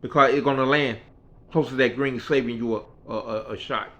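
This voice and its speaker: A man's voice: mid-range voice, fairly even intonation, fairly quick, fairly bright tone. A man casually telling a personal story in a rambling, folksy way that often repeats itself. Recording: dull lo-fi recording.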